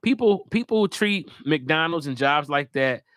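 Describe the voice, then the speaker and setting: A male comedian hosting a live podcast, loud and animated, swearing freely and riffing between jokes. His voice sits high with a bright, sharp edge. The sound is close and dry, with no room echo. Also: measured pace. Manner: animated, profane, jumps into loud put-on voices. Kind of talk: casual live podcast chat.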